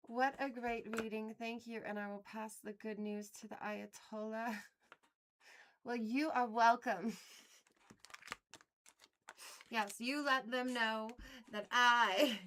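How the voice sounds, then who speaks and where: Woman streamer, slow and gravelly, bright edge, playful and theatrical, faint hiss behind. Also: on the high side, steady tone. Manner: playful, theatrical, drops into whispers and mock outrage; laughs often between lines. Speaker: livestream host. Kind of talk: casual livestream chat.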